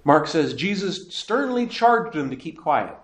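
Animated man teaching a Bible class. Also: on the high side, a little slow, echoey room. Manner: lively, emphatic, asks questions and answers them himself. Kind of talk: catechism lecture.

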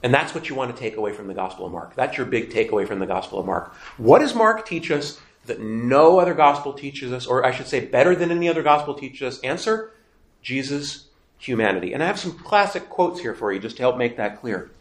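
Animated man teaching a Bible class. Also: medium pitch, brisk, roomy sound. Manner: lively, emphatic, asks questions and answers them himself. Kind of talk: catechism lecture.

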